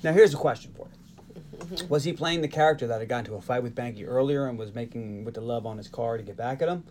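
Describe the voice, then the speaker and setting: Animated man recapping a movie. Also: medium pitch, a little hiss or hum. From Northeastern United States. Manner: animated storytelling with quick asides and laughs. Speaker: podcast host. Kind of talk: casual movie recap chat.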